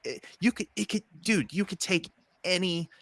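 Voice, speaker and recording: A man's voice: sits high, expressive, moderate pace, a bit bright, a little hiss or hum. A man co-hosting a casual talk show, ranting with animation and repeating himself for emphasis. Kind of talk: casual panel chat.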